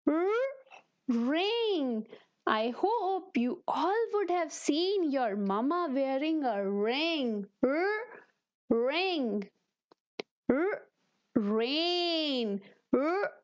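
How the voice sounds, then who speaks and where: A woman's voice: high-pitched, muffled recording. A woman teaching a preschool phonics lesson, speaking to young children. She says each letter sound and then a word, again and again. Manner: slow, repetitive, sound-then-word drilling.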